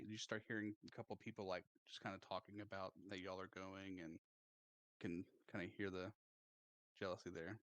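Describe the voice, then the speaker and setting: A man narrating as game master in casual, halting speech with lots of fillers. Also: low-pitched, level tone, fairly bright tone.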